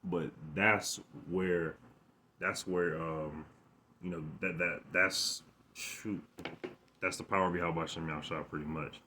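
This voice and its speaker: A man giving an informal scripture lesson into a phone, halting and repeating words, reading verses aloud with more force. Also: low-pitched, a little hiss or hum. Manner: halting, repeats words, stammers when excited. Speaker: scripture teacher.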